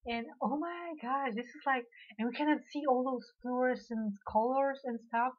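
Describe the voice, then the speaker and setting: High-voiced excitable woman reacting. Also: normal speed, lo-fi sound. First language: Polish. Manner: excitable, gushing exclamations, frequent stammers and restarts. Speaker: reaction video host. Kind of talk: casual reaction commentary.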